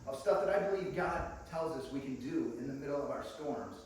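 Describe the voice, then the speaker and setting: A man's voice: mid-range voice, animated, a little fast. A man preaching to a congregation, enthusiastic and chatty, calling them friends and laughing often. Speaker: guest preacher. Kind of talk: sermon. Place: church sanctuary. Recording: echoey room picked up from a distance.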